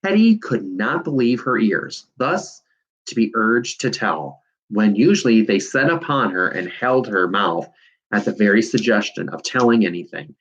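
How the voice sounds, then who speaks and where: A man reading a children's novel aloud in an expressive storytelling manner. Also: on the low side, normal speed, husky, dull audio. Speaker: reader.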